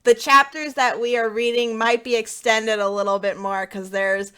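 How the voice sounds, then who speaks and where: A woman's voice: on the high side, level tone, normal speed, fairly bright tone, clean tone. Giggly woman hosting a casual podcast. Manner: giggly, chatty, lots of um and uh. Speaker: podcast host. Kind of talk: casual chat.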